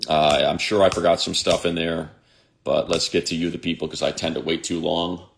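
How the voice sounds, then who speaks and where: A very low, heavily gravelly male voice belongs to a sports radio host in his fifties. He chats loosely on a livestream, reading out viewer comments and rambling from one to the next. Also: level tone, brisk, slight background noise. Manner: reads viewer comments aloud, chatty and rambling. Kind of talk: casual livestream chat.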